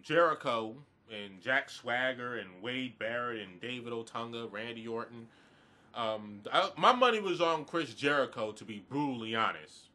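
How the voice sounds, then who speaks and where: A man's voice: medium pitch, pushed and bright. A man giving a blunt, profane, rambling review of a wrestling event in a casual rant, groggy this morning.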